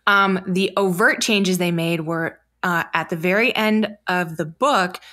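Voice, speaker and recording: A woman co-hosting a casual film review chat, animated and laughing, full of likes and ums. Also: lowish voice, unhurried. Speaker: podcast co-host.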